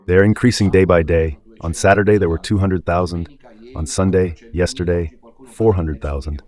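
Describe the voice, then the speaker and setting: A man's voice: low voice, steady tone, normal speed, a little mellow. A man giving a rambling spoken commentary on Catholic radio, full of rhetorical questions.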